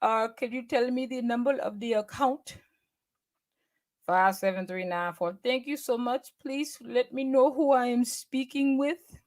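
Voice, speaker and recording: Lady doing a high polite call center rep, thick foreign accent, stiff scripted lines. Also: steady tone, unhurried, darkish tone, natural voice. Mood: overly polite. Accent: put-on thick foreign accent. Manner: formal, overly polite scripted phrasing. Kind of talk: comic impression during a livestream.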